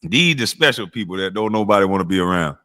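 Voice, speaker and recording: A man hosting a casual livestream, roasting chat and trash-talking, his voice jumping high when he heckles and dropping low when he calms down. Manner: slow and low when calming down. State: smoking while talking. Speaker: livestream host.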